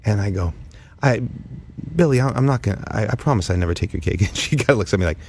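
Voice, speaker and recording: Middle-aged man, comedy podcast host, low voice, lively swings in pitch, animated storytelling. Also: rapid-fire, gravelly, slight background noise. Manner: animated storyteller, acts out quotes with high shrieks and laughs. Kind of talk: casual comedic chat.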